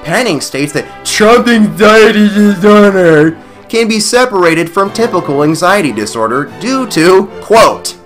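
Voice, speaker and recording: A man putting on a dumb voice to read a quote aloud, slow and dopey. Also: high-pitched, sing-song, a bit bright, soft background music, voice pushed up, full character voice. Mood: mocking. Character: dim-witted man reading aloud slowly.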